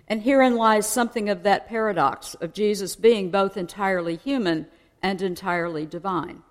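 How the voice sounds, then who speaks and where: Woman preacher, mid-pitched, chatty explanatory sermon, long reverb of a big hall. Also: moderate pace. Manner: conversational, explaining and asking listeners questions.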